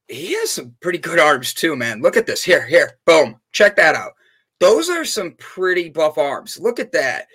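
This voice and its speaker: A man's voice: on the high side, sharp tone. A man hosting a live stream, chatting casually and playfully with viewers and reacting to their comments. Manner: upbeat, playful, jokey with chat. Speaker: livestream host.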